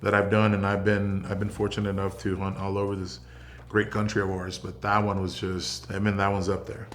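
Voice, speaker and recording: Low-voiced man telling relaxed war and hunting stories. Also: a little fast, a little hiss or hum. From South Texas. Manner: relaxed, rambling anecdotes with many fillers. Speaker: interview guest, military veteran. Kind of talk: casual interview storytelling.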